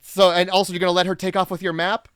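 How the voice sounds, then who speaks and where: High-voiced deadpan man recapping. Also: fast talker, clean tone, no echo. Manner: laid-back, dry, deadpan recapping. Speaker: podcast co-host. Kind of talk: casual movie-review chat.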